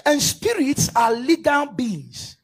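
A man's voice: very high-pitched, takes it slowly, gravelly. A male preacher giving a live sermon at a church service, directing volunteers and leading fervent prayer. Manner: animated, rising to fervent shouted prayer. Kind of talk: live sermon with a staged demonstration. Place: church service before a congregation.

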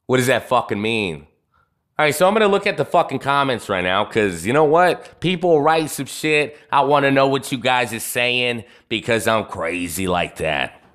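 A man's voice: medium pitch, lively intonation, normal speed, fairly bright tone. A man hosting a live podcast, telling stories in a swaggering, profane rant full of asides to his listeners. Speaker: podcast host.

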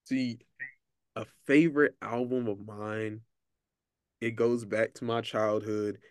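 A man's voice: on the low side, steady tone, slow, smooth, dry recording, clean studio sound. Emphatic man making bold claims. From Texas, USA. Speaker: podcast co-host. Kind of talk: casual chat.

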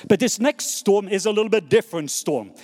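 A man preaching a sermon, reading scripture slowly and having the congregation repeat words back. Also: high-pitched, lively intonation, a little mellow. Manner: call-and-response, has the congregation repeat words; slows down to read scripture dramatically. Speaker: pastor. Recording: long hall reverb.

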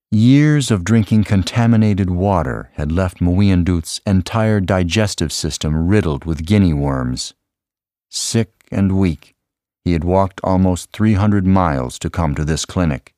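A man reading a story aloud as narrator in a measured manner, raising his voice for quoted lines. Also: sits low, darkish tone, no room sound, clean studio sound. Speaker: audiobook narrator. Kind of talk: scripted narration.

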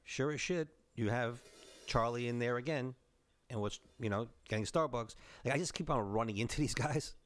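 Brief: fortyish New York man, easygoing co-host spinning stories, calls people bro, swears a little, average pitch. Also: moderate pace. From the Bronx, New York. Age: 40s. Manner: excitable storyteller, says bro and man, mild swearing. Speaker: podcast co-host. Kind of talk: casual chat, storytelling.

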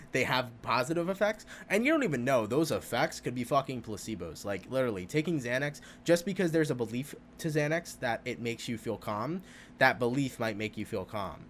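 A man's voice: medium pitch, slight background noise. Rambling, profane man hosting a podcast. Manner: rambling, profane, animated, laughs often. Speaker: podcast host. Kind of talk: casual spiritual podcast monologue.

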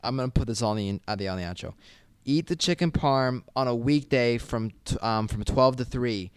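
A man's voice: mid-range voice, normal speed, smooth, no room sound, faint music behind. A young man hosting a podcast alone, rambling casually with lots of swearing and self-mocking asides. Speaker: podcast host. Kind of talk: casual solo podcast chat.

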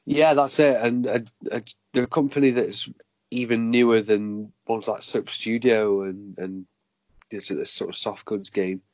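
A man's voice: fairly low pitch, fairly even intonation, normal speed, dry recording, poor audio. A man chatting casually as a podcast co-host, hesitant, with many fillers and restarts. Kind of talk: casual chat.

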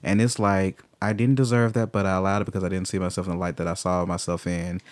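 Emphatic, deep-ish man, swears freely, dry sound, candid podcast talk. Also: little pitch movement, fast talker, dry recording. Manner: emphatic, swings from low and brooding to loud and fired up. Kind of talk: candid conversation.

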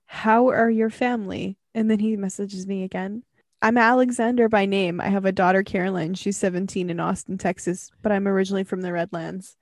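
A young woman from Canada co-hosting a casual podcast chat, swearing a lot and laughing loudly. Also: mid-range voice, fairly even intonation, brisk, dry recording, clean studio sound. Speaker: podcast co-host.

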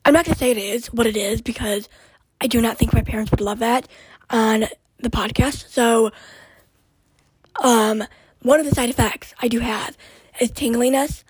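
High, husky-voiced young woman podcaster. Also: fairly even intonation, normal speed, long pauses, no echo, low-quality recording. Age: young adult. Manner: rambling and chatty, full of "like" fillers and self-corrections. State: hoarse and out of breath. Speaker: podcast host. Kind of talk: casual solo podcast chat.

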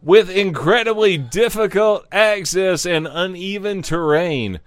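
A man sits at his computer desk reading news stories into a close, dry microphone and tearing into them with casual, profane mockery. His voice sits a little higher than usual and sounds smooth and clear. He swears freely and laughs at his own jokes. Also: measured pace, no room sound. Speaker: streamer reading news aloud.

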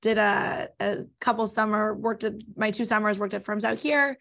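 A woman with a Californian accent, an estate planning attorney answering interview questions in a quick, explanatory way. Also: mid-range voice, fairly even intonation, vocal fry, fairly bright tone. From born in New York, raised in Los Angeles. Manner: talks fast, explanatory.

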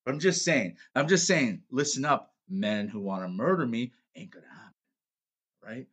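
A man's voice: mid-range voice, expressive, moderate pace, a bit bright, breathy edge. A man, a podcast co-host, telling crude stories in casual, mock-defensive chat.

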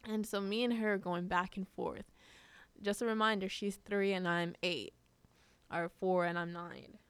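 A woman's voice: mid-range voice, fairly even intonation, measured pace, clear, resonant tone, no room sound. A woman telling personal stories in a casual, rambling way, full of fillers and restarts. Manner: rambling, many fillers and restarts, laughs often. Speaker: podcast guest.

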